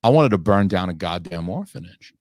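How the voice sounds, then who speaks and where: A man's voice: sits low, animated, brisk, a little mellow, dry recording, clean studio sound. A man hosting a podcast, telling a long, profane, ranting story in casual chat. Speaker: podcast host.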